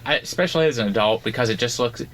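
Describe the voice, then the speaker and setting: A man's voice: mid-range voice, very fast, fairly bright tone, a little hiss or hum. A man co-hosting a podcast in easygoing chat, talking casually and laughing easily. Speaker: podcast co-host.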